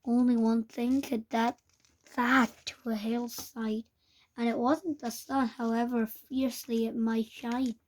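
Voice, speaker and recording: Slow, high woman reading a storybook. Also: little pitch movement, darkish tone, slight background noise. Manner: halting, stumbles and restarts words. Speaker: reader. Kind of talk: reading a children's book aloud.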